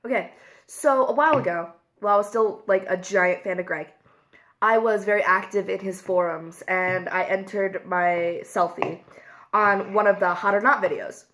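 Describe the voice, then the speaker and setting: A woman's voice: mid-range voice, normal speed, a bit bright. A young woman vlogger talking candidly and emotionally to camera, full of "like" fillers. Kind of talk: casual confessional vlog while eating.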